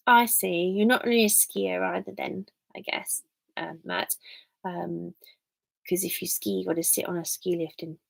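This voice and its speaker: A woman's voice: mid-range voice, creaky. Chatty English woman on a live stream. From England. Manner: rambling and chatty, full of fillers. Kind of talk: casual live stream chat with viewers.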